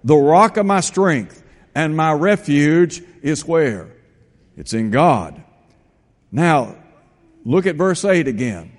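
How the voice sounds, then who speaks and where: A man's voice: fairly high pitch, expressive. Preacher man in a reverberant hall. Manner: slows down to stress quoted verses. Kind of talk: sermon with scripture reading.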